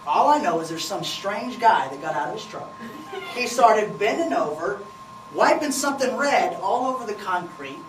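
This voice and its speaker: A woman's voice: mid-range voice, expressive, moderate pace, lightly acted. A woman voicing a chatty store clerk who mocks a stranger. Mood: gossiping. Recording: roomy, distant, noisy.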